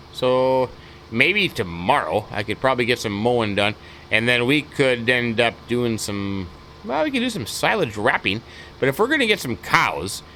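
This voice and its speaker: A folksy man talks through a let's-play video with a lively, bouncing pitch. His voice is bright and forward, and faint noise sits under it. He rambles from thought to thought in a casual, easygoing way. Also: poor audio. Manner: folksy, rambling, repeats stock phrases. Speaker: gaming channel host.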